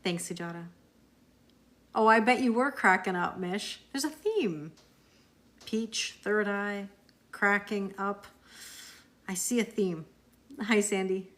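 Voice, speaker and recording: A woman from Canada hosts a live tarot stream, answering viewer comments one after another in easy, friendly chat. Her voice sits at an ordinary middle pitch, and she laughs often as she goes. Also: slow, pauses often, a bit bright.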